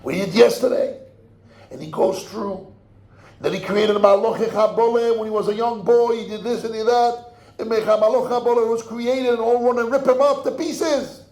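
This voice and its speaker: An older man, a rabbi telling a story in a sermon. He acts out the voices, swinging from hushed murmurs to loud cries. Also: very high voice, fairly even intonation, normal speed. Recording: echoey room.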